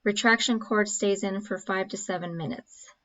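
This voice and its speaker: A woman's voice: medium pitch, steady tone, moderate pace, fairly bright tone, highs cut off. A woman narrating a dental procedure video as an instructor, explaining steps with frequent fillers.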